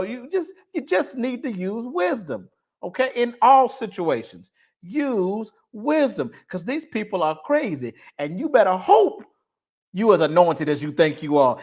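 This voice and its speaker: Man, host, slightly high voice, blunt, laughing commentary. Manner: blunt, swings between laughing and stern. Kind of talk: casual commentary on a video clip.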